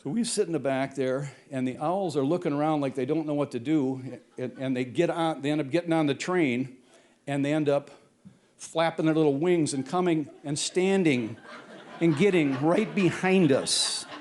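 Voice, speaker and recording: A man's voice: a little high, normal speed, darkish tone. An older man telling a true story on stage in a rambling, self-correcting way, often chuckling as he goes. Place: stage at a brewery before an audience.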